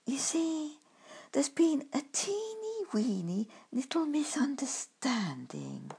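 A timid male badger from a storybook, performed by a woman, fussing and confiding in a high, breathy hush. His voice sits above the narrator's and carries a husky edge. He speaks slowly and anxiously. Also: huge pitch swings, exaggerated voice. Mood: nervous. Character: fussy, nervous male badger.

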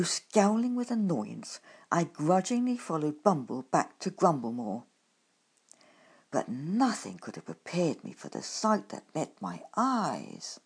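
Slow, lively woman narrating a storybook. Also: a little high, slightly rough. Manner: expressive, lively. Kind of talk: storybook narration, first person.

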